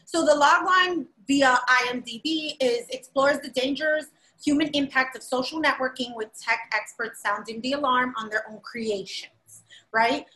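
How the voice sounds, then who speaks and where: A woman's voice: high voice, moderate pace, echoey room, rough recording. A woman co-hosting a podcast in casual chat, chatty and rambling. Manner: chatty, rambling with fillers, animated. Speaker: podcast co-host.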